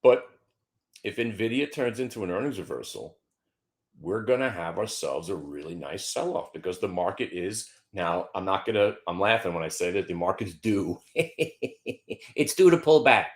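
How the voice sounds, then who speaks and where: Low-pitched and at a moderate pace, a middle-aged man hosting a trading show delivers casual, jokey commentary on stocks. Mock-emotional outbursts and stumbling repeats pepper his speech.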